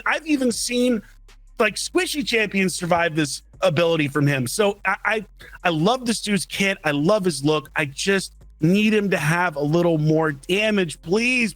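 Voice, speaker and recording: A man's voice: high voice, a bit bright, no room sound, poor audio. A man co-hosting a casual gaming chat, passionate and insistent about his opinions. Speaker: co-host of gaming channel.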